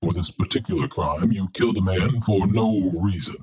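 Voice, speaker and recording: A man voicing a stern red robot devil who speaks in a deep, droning android voice. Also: crowd noise, lightly acted. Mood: menacing. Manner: slow, commanding decrees.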